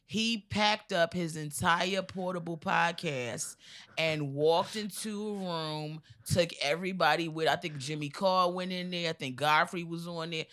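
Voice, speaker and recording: A woman's voice: lowish voice, a little slow. A woman comedian with an American accent, telling a long joke on a podcast and acting out every voice. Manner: animated storyteller, acts out voices and monkey noises. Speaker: comedian guest.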